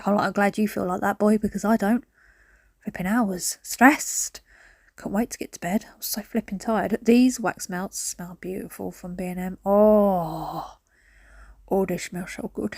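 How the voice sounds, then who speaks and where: A woman's voice: mid-range voice, dry recording. Chatty woman with dry sound. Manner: rambling, animated storytelling with sudden whispered asides. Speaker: cleaning vlogger. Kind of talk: chatty vlog monologue. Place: at home, indoors.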